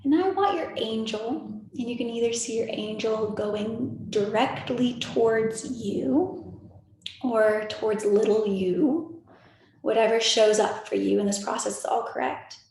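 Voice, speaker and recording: A young woman in her twenties, a spiritual meditation leader, guides a meditation over a video call in a soft, soothing, slightly high voice at a measured pace. She repeats gentle reassurances and keeps slipping in casual filler words. The video call microphone sounds very echoey, like a bare, hollow room, with a little hiss or hum.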